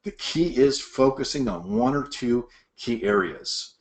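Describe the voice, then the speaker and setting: Lively middle-aged man teaching sales leadership. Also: medium pitch, a little slow. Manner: animated, acts out quoted bosses and reps. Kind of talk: presentation-style master class.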